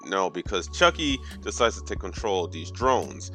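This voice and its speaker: A man with a lowish voice tells a film's story for laughs, cursing freely and in slang. He keeps jumping into quick put-on voices for the characters. Faint music plays underneath. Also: pushed and bright. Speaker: movie recapper. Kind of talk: comedic movie recap.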